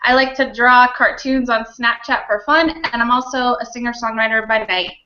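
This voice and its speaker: A woman's voice: a little high, steady tone, moderate pace, pushed and bright, muffled recording, a little hiss or hum. A woman guest on a casual live panel chat, giggly and chatty.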